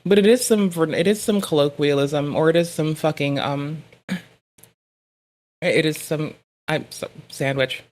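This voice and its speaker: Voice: mid-range voice, slow pace, long pauses, a little mellow, a little hiss or hum. Profane, punchy livestreamer. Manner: profane, rambling, mock-angry rants; punchy from little sleep. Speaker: live streamer. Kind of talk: casual livestream chatter.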